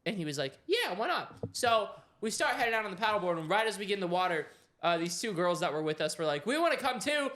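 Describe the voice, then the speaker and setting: A young man with a high voice tells a story on a podcast in a casual, animated way. He laughs often as he talks. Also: fast talker. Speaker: podcast co-host.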